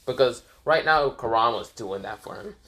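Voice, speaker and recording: A man's voice: medium pitch, lively intonation, moderate pace, sharp tone. A man casually narrating an improvised fan story, rambling with many fillers and self-corrections.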